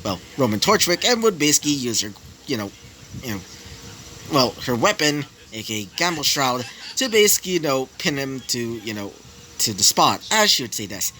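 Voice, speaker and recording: Man narrating a fan story, rambling, bright voice, lively pitch, faint insect buzz behind. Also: fairly quick, a little hiss or hum, poor audio. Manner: rambling, many fillers and restarts.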